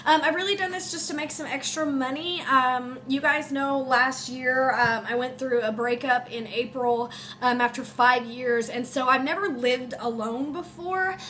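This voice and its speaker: A young woman with a high, bright voice that sounds congested and a little off from a recent illness. She talks to camera in a personal vlog, halting and emotional, with many ums and likes. A faint hum from a space heater runs under her voice at home. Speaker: teacher and vlogger. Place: home room.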